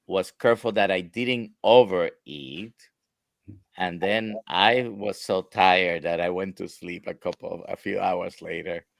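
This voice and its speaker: A man with a Spanish accent answering questions in a live Q&A, talking slowly and haltingly with many fillers. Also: low voice, gravelly, no echo. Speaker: guest doctor. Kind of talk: live Q&A chat.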